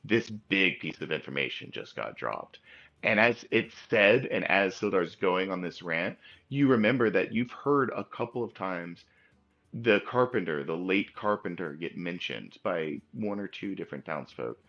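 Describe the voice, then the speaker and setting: A man's voice: sits low, animated, moderate pace, lo-fi sound. A man narrating as game master in a loose, rambling way, while losing his voice. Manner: loose, rambling with many fillers.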